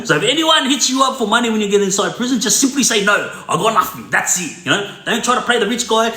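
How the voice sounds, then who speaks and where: A man's voice: high-pitched, pushed and bright. A middle-aged Australian man telling street-wise prison stories in a blunt, casual way, checking in with "yeah?" and "you know". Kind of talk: casual spoken storytelling. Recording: roomy echo.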